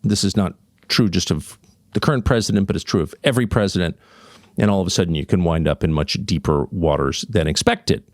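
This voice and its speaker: A man's voice: low-pitched, fairly quick, dry recording, clean studio sound. A man hosting an opinion monologue, sardonic and mocking. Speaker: host.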